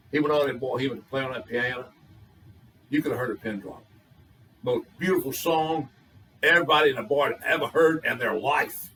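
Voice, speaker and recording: A man's voice: medium pitch, fast talker, a bit bright, recorded from a distance, poor audio. An older man, telling raunchy jokes in a folksy, colorful storytelling drawl. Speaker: joke teller.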